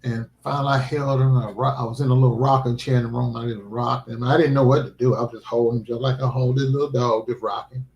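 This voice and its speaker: A middle-aged man hosting a livestream, telling a personal story in a halting, emotional way. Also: medium pitch, steady tone, a little mellow, lo-fi sound. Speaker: livestream host. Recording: roomy echo.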